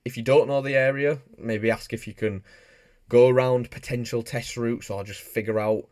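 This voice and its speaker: With a Yorkshire accent, a Bradford man who streams about motorbikes reads out viewer comments and jokes casually on a live stream. His mid-range voice is steady and a little mellow at normal speed, recorded with clean studio sound and no echo.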